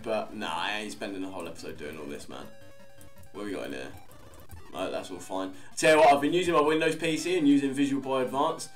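A young man talks through his game in a loose, rambling way, with a middle-pitched voice. He chats and swears casually as he plays. Faint guitar music runs behind him. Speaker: Let's Play host. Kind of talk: casual gameplay commentary.

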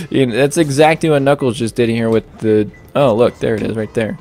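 A man's voice: normal speed, darkish tone, soft background music. A young man casually commenting on his gameplay, rambling and joking with lots of fillers. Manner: rambling, filler-heavy, jokey, puts on silly high voices. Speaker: let's play host.

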